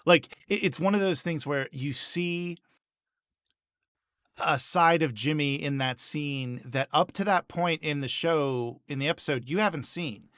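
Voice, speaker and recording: A man's voice: fairly high pitch, a little slow, fairly bright tone, no room sound, studio quality. A man co-hosting a podcast, retelling TV scenes in casual chat with lots of fillers and restarts. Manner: rambling, many restarts and fillers. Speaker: podcast co-host.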